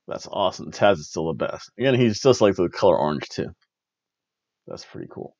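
A man hosting a wrestling review podcast, recapping a show in casual chat and slipping into quick mimicry of wrestlers. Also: sits low, creaky, no room sound, muffled recording. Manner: animated, mimics wrestlers and announcers in quick asides.

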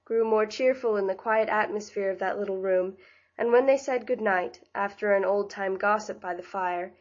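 A woman reading a classic novel aloud as an audiobook narrator, in an even, gentle storytelling manner. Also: mid-range voice, moderate pace, dull audio. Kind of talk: scripted narration.

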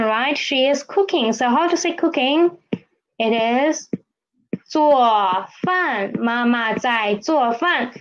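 Slow patient woman teaching a lesson. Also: sits high, dull audio. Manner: patient, repeats words and checks with "okay?" and "right?". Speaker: Chinese language teacher.

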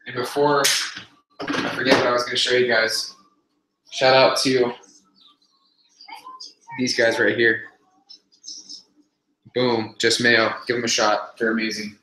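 A man's voice: mid-range voice, level tone, unhurried, long pauses, sharp tone. Pained man groaning through a livestream. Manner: groaning, sighing and swearing between remarks. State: in pain from a burned hand. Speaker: vlogger host. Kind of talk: casual livestream chat to viewers. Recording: echoey room, faint noise.

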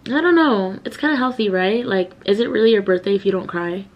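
A woman's voice: mid-range voice, brisk, dull audio, slight background noise. Chatty twenty-year-old woman vlogging. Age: 20s. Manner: rambling, chatty, lots of fillers. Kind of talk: casual vlog chat.

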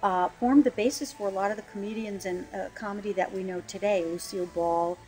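A woman lyricist describing her musical in a relaxed interview, chatty and quick to laugh, with a few ums as she searches for words. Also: mid-range voice, faint music behind, poor audio. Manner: chatty, laughs easily, fills pauses with um. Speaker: lyricist and book writer. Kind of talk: casual interview explanation.

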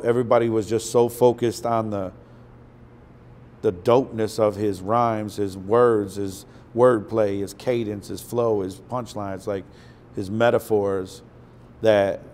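Man telling stories, profane and animated. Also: lowish voice. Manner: profane, animated storyteller who acts out quotes. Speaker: guest. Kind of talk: casual interview storytelling.

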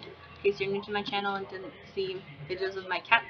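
A woman's voice: mid-range voice, monotone, fairly quick. A woman hosting a gaming channel, chatting casually over gameplay and coaxing her pet in baby talk. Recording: dull lo-fi with game crowd noise.

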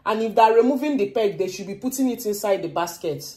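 A Nigerian woman chatting casually to her camera as a family vlogger, talking in a chatty way and growing loud and high when she rants. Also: expressive, fast talker, breathy edge, dry recording, poor audio. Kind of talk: casual vlog chat.

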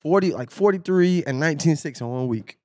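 A man on a podcast telling a lively story, laughing often and acting out what others said. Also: a little high, brisk, dry recording, studio quality. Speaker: podcast co-host, former sprinter. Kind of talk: casual storytelling chat.

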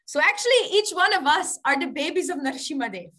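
A woman storyteller telling a story to children, animated, laughing often and asking them questions. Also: high-pitched, fairly quick.

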